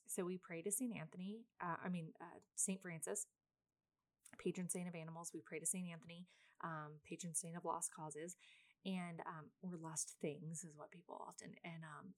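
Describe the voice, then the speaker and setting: A woman in her thirties, a mother, telling a personal story in a chatty, rambling way with lots of fillers. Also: on the low side. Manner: self-described very loud person. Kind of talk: casual vlog storytelling.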